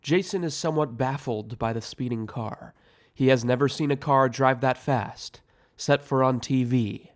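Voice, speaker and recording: A man reading aloud the scene directions of his own audio screenplay in a measured way. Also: mid-range voice. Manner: slow, measured. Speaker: writer and director narrating.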